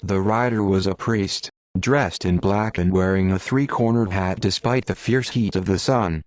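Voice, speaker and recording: A man narrating an audiobook with an even, steady reading. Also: fairly low pitch, dry recording, clean studio sound. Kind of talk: scripted narration.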